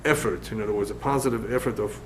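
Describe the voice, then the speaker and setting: A man's voice: lowish voice, quick pace, slight background noise, poor audio. A middle-aged man, a rabbi, giving a Torah study lecture, emphatic and fond of repeating his key points. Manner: lively storyteller.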